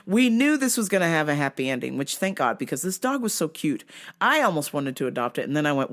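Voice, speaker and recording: A woman's voice: lowish voice, moderate pace. A woman hosting a vlog, ranting in a casual, comedic way and swearing often as she tells stories. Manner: profane, animated storytelling with frequent swearing. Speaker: vlog host.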